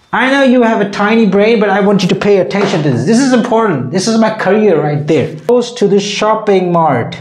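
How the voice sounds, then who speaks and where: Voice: medium pitch, darkish tone, roomy sound. A comedy video creator giving a mock lecture in a teasing, mock-condescending manner.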